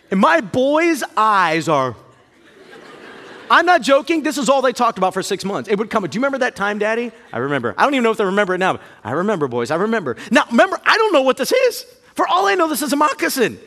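A man in his thirties preaching a storytelling sermon, animated and self-mocking, jumping to high yelps when he acts out fear. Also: a little fast. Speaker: pastor. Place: church auditorium. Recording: reverberant hall.

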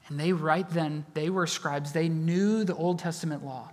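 A man's voice: on the high side, normal speed, darkish tone, long reverb tail. A man, a pastor, preaching a sermon in a casual, conversational way, repeating phrases and asking the congregation questions.

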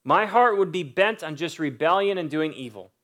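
A man's voice: fairly high pitch, lively intonation, normal speed, fairly bright tone. Emphatic preaching man, raised voice. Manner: emphatic preaching with lists and rising stresses. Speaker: pastor. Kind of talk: sermon.

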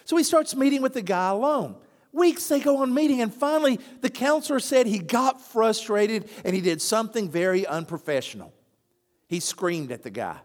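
A man's voice: high voice, moderate pace, in a large hall. A man preaching a sermon, telling stories and acting out the voices of the people in them. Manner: animated storytelling, acts out quoted voices. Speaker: pastor.

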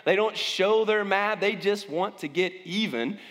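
A man's voice: sits high, a little slow, a bit bright, big-room sound. A man preaching as a pastor, talking conversationally and often restarting his sentences. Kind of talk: sermon.

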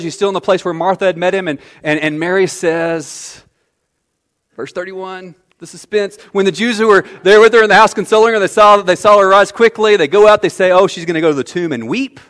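A man preaching a sermon as pastor, animated, swinging from quiet asides to loud outbursts. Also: high voice. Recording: long hall reverb.

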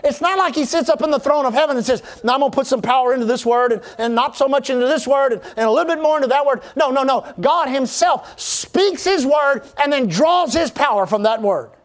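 A man's voice: extremely high pitch, brisk, few pauses. A man preaching a sermon as pastor, fervent and rousing, asking the congregation to respond.

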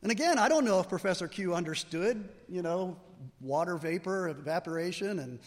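High-voiced man preaching in an echoing hall. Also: lively intonation, a little fast. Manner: explains word meanings with rhetorical questions. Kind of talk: expository sermon. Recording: long hall reverb.

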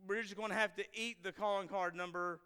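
A man's voice: high voice, fairly even intonation, brisk, sharp tone, clear, resonant tone. A man, telling a self-deprecating personal story to a live audience and acting out the quotes. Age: 40s. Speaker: speaker addressing a live audience. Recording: long hall reverb.

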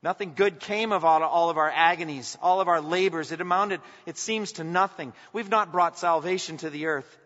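Guy preaching a sermon, kinda high voice, dull lo-fi sound, gets loud and fired up on the scripture bits. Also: moderate pace, hardly any pauses. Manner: impassioned, rising to emphatic peaks when reading scripture. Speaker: pastor. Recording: dull sound with long hall reverb.

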